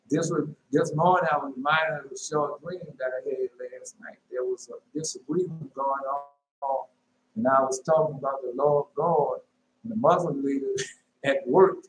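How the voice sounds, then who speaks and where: A man preaching informally and telling a dream, emphatic, repeating his phrases and jumping into sudden high shouts. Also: measured pace. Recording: echoey room with faint noise.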